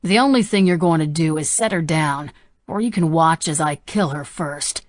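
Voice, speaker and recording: A jittery young man , as a woman narrator voices him, spits out sneering, crude threats in an audiobook. His delivery is menacing and unstable. The voice sits fairly low and the recording is close and dry. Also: moderate pace, no echo, natural voice. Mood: threatening. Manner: sneering, foul-mouthed threats.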